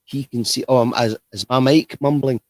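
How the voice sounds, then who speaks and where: A man's voice: mid-range voice, fairly even intonation, moderate pace, darkish tone, no echo. A man hosting a livestream interview, chatty and rambling, with frequent restarts. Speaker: host.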